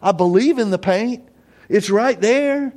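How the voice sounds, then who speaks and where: A self-satisfied male church buddy, as a preacher puts him on, talking well above a normal man's pitch in a lazy, drawling sing-song. He sounds pleased with himself and in no hurry to do any work. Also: a little slow, a little mellow. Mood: smug. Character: easygoing male church friend, smug about paint.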